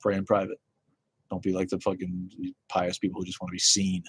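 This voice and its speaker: Speaking fairly quickly in a deep, monotone, slightly rough voice, this livestream host from Connecticut swears and rants heatedly while talking with his viewers. It's recorded on a phone with no audible room sound.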